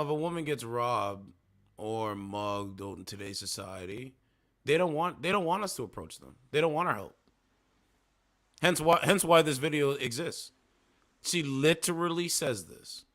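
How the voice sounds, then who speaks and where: A Canadian livestream host reacts to clips with incredulous, mocking commentary and talks to his chat. His voice is fairly high pitched and a bit bright.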